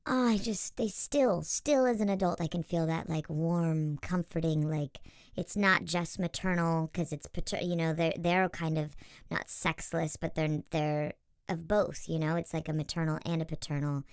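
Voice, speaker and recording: A woman's voice: low voice, steady tone, smooth, dry recording, studio quality. A woman co-hosting a casual movie review, chatty and earnest. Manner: chatty, earnest, quick asides. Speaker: podcast co-host.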